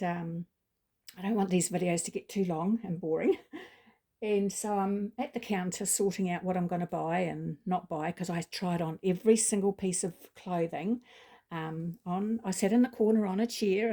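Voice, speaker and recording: A woman's voice: fairly low pitch, fairly even intonation, normal speed, warm tone. A woman vlogger casually telling a story, chatty, with lots of ums and asides.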